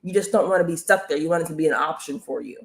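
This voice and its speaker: A woman coaching viewers on a live stream, energetic and repetitive, often urging them to comment and follow. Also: low-pitched, rapid-fire. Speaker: online business coach hosting a live stream. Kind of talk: motivational live-stream talk.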